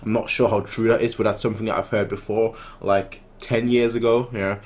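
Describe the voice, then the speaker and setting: Hosting an anime reaction video, a man chats casually as he wraps it up, rambling with many restarts and fillers and poking fun at himself. His voice is fairly low with little pitch movement and a slightly fast pace.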